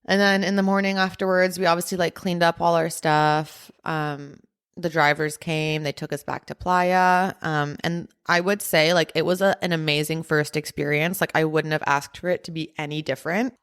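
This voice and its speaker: A woman's voice: deep voice, little pitch movement, normal speed, fairly bright tone, clear, resonant tone. A woman hosting a podcast, casually telling a personal story with lots of "like" and "um" fillers. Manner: chatty, heavy use of "like" and "um" fillers. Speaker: podcast host.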